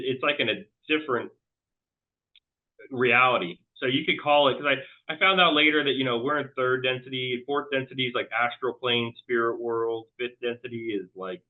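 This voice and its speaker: A man recounting a story in a loose, rambling way, stumbling over his words and restarting sentences as he goes. His voice comes through a thin, tinny line that sounds like a phone call. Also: mid-range voice. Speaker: guest. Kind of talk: casual storytelling interview.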